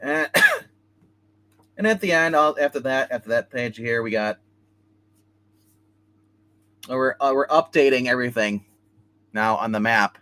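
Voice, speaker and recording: A man of middle pitch hosts a casual live stream, recapping a comic's plot in an animated way. He keeps slipping into the characters' lines as he tells the story. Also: normal speed, pauses often. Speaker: comic book reviewer hosting a live stream.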